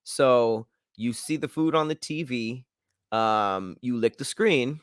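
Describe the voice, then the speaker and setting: A man's voice: mid-range voice, slow pace, smooth, no room sound. Man, podcast co-host, casual storytelling, joking, dry room. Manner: relaxed storytelling with fillers and jokes.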